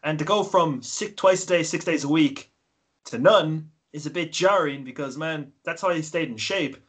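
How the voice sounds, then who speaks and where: A man's voice: on the high side, moderate pace. Early-twenties guy, podcast co-host, loose and profane storyteller. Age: 20s. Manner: swears a lot, rambling and animated. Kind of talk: casual chat.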